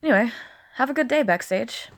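A woman's voice: a little high, expressive, fairly quick. A woman vlogger from the American South with a slight Southern accent, talking candidly and casually, swearing now and then. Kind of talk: casual vlog monologue.

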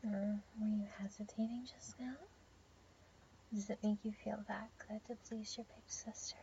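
A young woman in a whispered role-play, speaking in a soft, teasing whisper with breathy murmurs. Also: medium pitch, flat delivery, normal speed. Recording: dull lo-fi audio with faint background hiss.

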